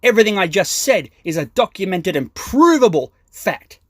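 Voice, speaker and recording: A man on a mocking stand-up rant, swearing freely and hammering his points. His voice sits high and swings widely in pitch. The sound is dry and close, with no room echo. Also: sing-song, moderate pace, fairly bright tone. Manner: aggressive, profane, mocking. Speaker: stand-up comedian.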